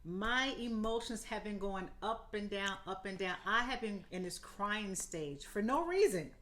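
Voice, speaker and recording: A woman in her fifties co-hosting a podcast, chatting candidly and encouragingly, laughing often and jumping high in pitch for quoted asides. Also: lively intonation, measured pace, fairly bright tone, a little hiss or hum. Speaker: podcast co-host. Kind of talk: casual health chat.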